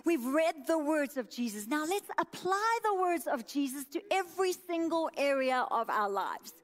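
A woman's voice: high-pitched, animated, moderate pace. A woman pastor in her thirties preaching a sermon with an emphatic, repetitive cadence.

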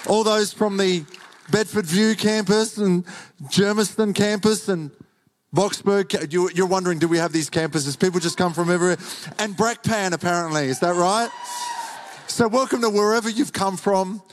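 A man's voice: high voice, moderate pace. A man with an Australian accent, a guest pastor greeting a church congregation in a chatty, enthusiastic sermon style. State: recovering from illness. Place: large church auditorium.

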